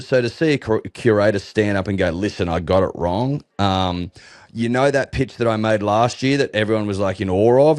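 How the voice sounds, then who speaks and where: A man's voice: on the low side, darkish tone, no room sound, clean studio sound. A man with an Australian accent co-hosting a sports podcast, swearing and joking in casual banter. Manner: sweary, jokey, acts out characters. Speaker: podcast co-host.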